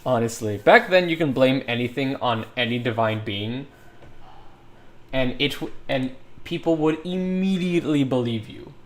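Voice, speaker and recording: Male streamer, casual working chat, animated swoopy pitch, rambling, laughs a lot. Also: normal speed. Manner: animated and rambling, laughs often, thinks aloud. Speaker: livestreamer modeling in 3D software.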